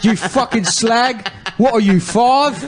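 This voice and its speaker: A man voicing a brash, abusive British male doctor who shouts insults in a put-on British accent. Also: very high voice, takes it slowly, voice pushed up. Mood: mocking, abusive. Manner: loud, insulting, cackling.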